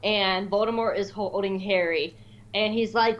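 A woman co-hosting a podcast in casual chat, animated and laughing as she acts out quotes. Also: mid-range voice, unhurried, highs cut off. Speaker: podcast co-host.

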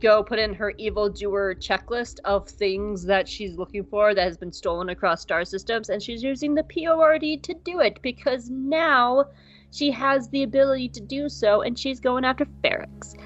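A woman co-hosting a podcast recaps an episode in a casual, rambling way, giggling and swearing freely. Her voice is on the high side and moves at a normal speed. The podcast audio is slightly dull, with faint music underneath.

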